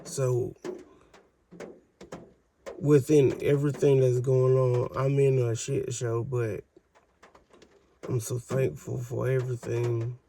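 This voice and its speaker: Slow-talking gravelly man, candid diary vlog. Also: medium pitch, little pitch movement, mellow, slight background noise. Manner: reflective, candid, halting. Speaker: vlogger. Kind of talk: personal video diary.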